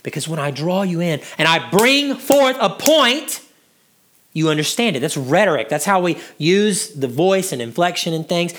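A male preacher giving an expository sermon, teaching verse by verse, asking the congregation questions and dropping to a hush to draw them in. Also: high-pitched. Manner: drops to a hushed voice to draw listeners in.

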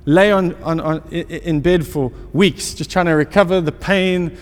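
A man's voice: on the high side, normal speed. Preaching man in a reverberant hall. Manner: storytelling, self-mocking, rhetorical questions. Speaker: pastor. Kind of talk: sermon.

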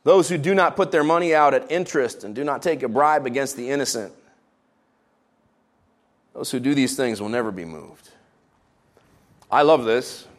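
A man preaching a sermon, raised in Israel, animated and jokey, swinging between loud emphatic lines and sudden quiet, hushed ones. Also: medium pitch, normal speed, long pauses. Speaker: pastor.

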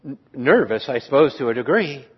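A man preaching an earnest, reflective sermon on a psalm as a pastor, trailing off softly at times. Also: medium pitch, lively intonation, fairly quick, slightly rough. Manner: earnest, reflective, with restarts and soft trailing endings. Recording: dull lo-fi sound.

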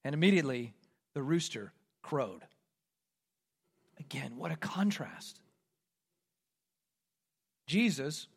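A male pastor from the Midwest delivers a sermon, walking through a scripture passage verse by verse. He speaks in a fairly high voice and now and then acts out the quoted speakers. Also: fairly bright tone. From American Midwest. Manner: expository preaching, dramatizing quoted lines.

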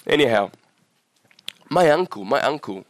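Man in his forties, pastor preaching a sermon, sick and coughing, impassioned, even mid pitch, dry sound. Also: measured pace, no room sound. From Vietnam. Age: 40s. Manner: impassioned, rising in pitch at climaxes, asks the crowd questions. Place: church.

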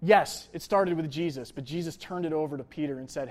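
A young male pastor gives a relaxed sermon in a slightly high voice. He talks loosely and jokes, with plenty of "like" and "uh" as he goes. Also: a little fast. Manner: conversational, jokey, lots of fillers like "like" and "uh". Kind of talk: casual sermon.

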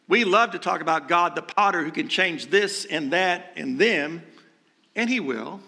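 A man's voice: fairly high pitch, lively intonation, unhurried, gravelly, pushed and bright. A male pastor preaching a sermon in a conversational way, asking rhetorical questions and dropping light jokes.

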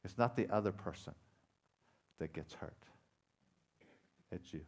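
Low-voiced man preaching a sermon. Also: measured pace, gravelly. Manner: dramatic storytelling, loud rising emphasis then quiet intensity. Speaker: pastor.

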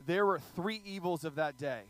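High-voiced joking male preacher, dry sound. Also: moderate pace, dry recording. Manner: animated, joking, audience asides. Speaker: pastor. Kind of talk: sermon with humorous storytelling.

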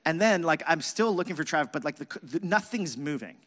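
Animated pastor preaching in a hall. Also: male voice, a little high, brisk. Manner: animated, self-mocking, acts out his own past shouting. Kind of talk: sermon with personal storytelling. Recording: reverberant hall.

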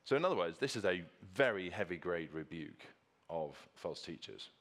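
A man's voice: sits low, sing-song, moderate pace, fairly bright tone. A man preaching a sermon with slides, earnest and emphatic, repeating key phrases for stress.

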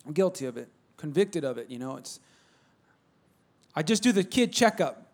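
Male pastor, slightly high voice, conversational and emphatic sermon delivery. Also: big pitch swings, normal speed, long pauses. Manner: repetitive, emphatic, conversational, calls to the congregation.

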